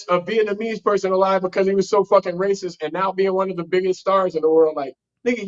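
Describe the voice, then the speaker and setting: A man co-hosting a podcast in casual chat, rambling and restarting sentences, swearing casually. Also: high voice. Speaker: podcast co-host. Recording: slightly dull lo-fi sound.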